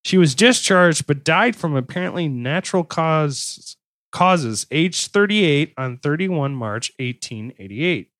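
A man's voice: on the high side, lively intonation, slow pace, fairly bright tone, dry recording. A man in his thirties or forties hosting a casual true-crime podcast, reading case notes and riffing with crude jokes. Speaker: podcast host.

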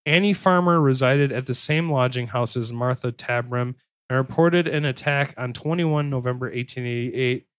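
A man's voice: mid-range voice, moderate pace, smooth, no echo. A man in his thirties or forties hosting a casual true-crime podcast, reading case notes and riffing with crude jokes. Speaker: podcast host.

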